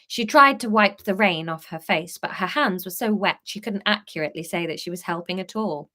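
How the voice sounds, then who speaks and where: A woman's voice: mid-range voice, a little fast, bright, forceful tone. A woman reading her own story aloud on a live stream, breaking off to laugh and chat with viewers between passages. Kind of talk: live book reading with chatty asides to viewers.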